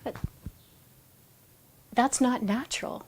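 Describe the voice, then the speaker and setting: A woman's voice: on the high side, takes it slowly. A woman reading aloud from her own book, breaking off into conversational personal anecdotes and correcting herself as she goes. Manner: self-correcting, restarts phrases. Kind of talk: book reading with spontaneous asides.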